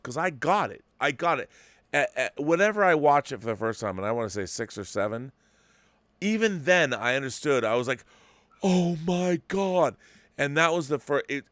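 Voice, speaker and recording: A man in his fifties hosting a casual talk show, telling a story with excitement and many restarts. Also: medium pitch, no room sound. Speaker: host. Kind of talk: casual podcast chat.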